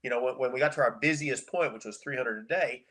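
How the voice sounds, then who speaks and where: A middle-aged man, a chiropractor guest on a podcast, telling stories in a casual, animated way and repeating words for emphasis. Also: medium pitch, fast talker. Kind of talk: casual storytelling interview.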